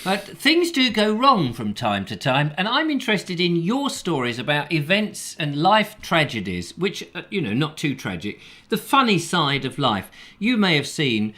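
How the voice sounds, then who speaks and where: A man's voice: a little high, wildly swooping pitch, moderate pace, few pauses, sharp tone. A man co-hosting a comic live chat show, teasing his partner and reading out viewer comments. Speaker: co-host.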